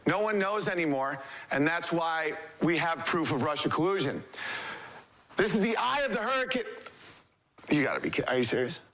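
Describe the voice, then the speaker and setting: A man's voice: fairly high pitch, big pitch swings, normal speed, fairly bright tone. A man performing a satirical TV weatherman in a comedy sketch, with an over-the-top newscaster delivery. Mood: mock-alarmed. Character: mock TV weatherman, male adult, overwrought satire.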